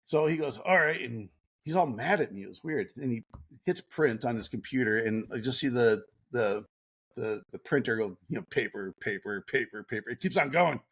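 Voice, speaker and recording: A middle-aged man telling an animated story as a podcast guest, laughing often and acting out what others said. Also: mid-range voice, normal speed, slightly rough. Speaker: podcast guest, former Navy SEAL. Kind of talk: casual storytelling.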